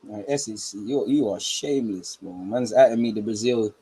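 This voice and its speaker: A young man hosting a live football watchalong, talking in slang and swinging from low muttering to excited shouts. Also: moderate pace, breathy edge. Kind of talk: live match reaction commentary.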